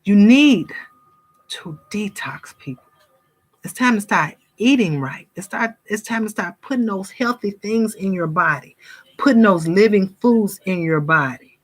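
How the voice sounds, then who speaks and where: A woman's voice: medium pitch, expressive, moderate pace. Fervent woman preaching to y'all. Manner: fervent, addresses viewers as y'all, mimics gossip. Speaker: spiritual vlogger. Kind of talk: casual preaching monologue to viewers.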